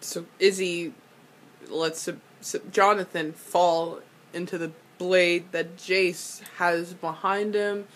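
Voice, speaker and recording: A young woman casually recapping a TV episode, excitable, swearing freely and breaking into loud laughing rants. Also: on the low side, takes it slowly.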